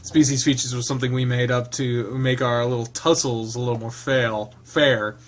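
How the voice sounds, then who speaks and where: A man's voice: medium pitch, steady tone, moderate pace. A man reading a visual novel aloud and commenting on it casually, laughing and rambling into asides. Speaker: game streamer.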